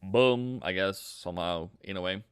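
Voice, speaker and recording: A man's voice: mid-range voice, lively intonation, measured pace, fairly bright tone, smooth. A man from Norway, hosting a casual live trading stream, playful and chatty with viewers, tossing in silly sound effects. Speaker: forex trading livestream host.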